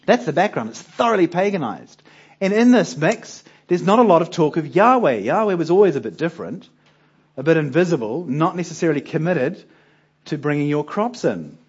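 A man's voice: on the high side, breathy edge, dull audio. A male preacher giving a conversational Bible teaching, often putting rhetorical questions to his listeners.

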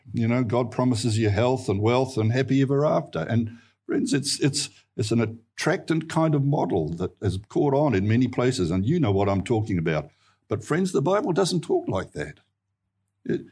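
A man with a New Zealand accent preaching a sermon, telling stories earnestly and rising in pitch for emphasis. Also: darkish tone, slightly rough. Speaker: pastor.

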